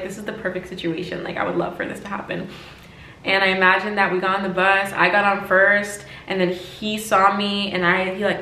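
A woman's voice: mid-range voice, pushed and bright. A woman in her twenties giving casual, emphatic advice in a chatty vlog, often repeating herself. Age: 20s. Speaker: lifestyle vlogger. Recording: echoey room.

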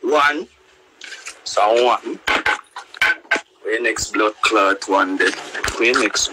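A young man with a Jamaican accent, live-streaming a profane, loud-mouthed rant in patois. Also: fairly low pitch, extremely slow, long pauses, very noisy. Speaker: livestreamer.

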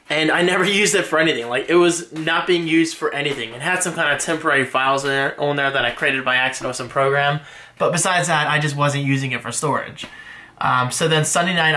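A man's voice: a little high, pushed and bright. A young man vlogging casually, rambling and joking at his own expense as he talks straight to his viewers. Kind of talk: casual vlog chat.

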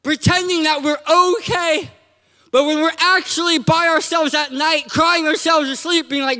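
Male guest preacher, high sharp voice, playful and animated, long church-hall reverb. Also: moderate pace. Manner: animated and joking, acts out quotes with shouts. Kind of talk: sermon.

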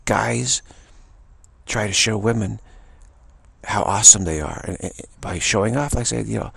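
Gravelly, husky-voiced man ranting. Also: fairly low pitch, moderate pace, long pauses, fairly bright tone, no room sound. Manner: indignant, rambling storyteller. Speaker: spiritual channel host. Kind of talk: casual spoken anecdote.

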